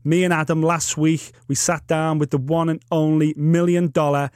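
A man with a Liverpool accent hosting a podcast, with an upbeat, brisk delivery. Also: on the high side, flat delivery, a little mellow, clear, resonant tone, no echo, clean studio sound. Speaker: podcast host. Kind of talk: introducing a boxing podcast.

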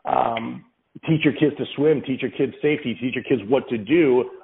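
An earnest man answers interview questions at a steady middle pitch. He talks through his ideas with down-to-earth examples. His voice comes through thin and tinny, like a phone line. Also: moderate pace, creaky. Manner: earnest, reflective, explains with examples. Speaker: podcast guest, father of several kids.

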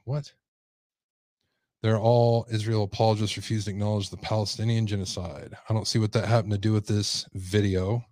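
A man's voice: lowish voice, flat delivery, normal speed, a little mellow, dry recording, clean studio sound. A man hosting a livestream commentary show, talking casually and rambling as he reads viewer comments. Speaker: host.

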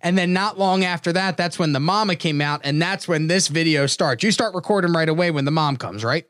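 A man hosting a casual interview, joking and animated, laughing often. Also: on the high side, a little fast, no room sound, studio quality. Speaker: podcast host.

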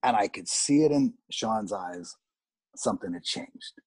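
A middle-aged man from Canada, an actor, telling candid, animated stories about film sets in a casual interview and swearing freely. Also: lowish voice, measured pace, breathy edge, dry recording. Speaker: actor guest.

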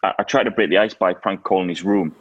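Man, low voice, dry close sound, lively anecdotal co-host. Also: fast, breathy edge, dry recording, lo-fi sound. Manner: lively anecdotal storyteller, laughs often. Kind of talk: casual chat.

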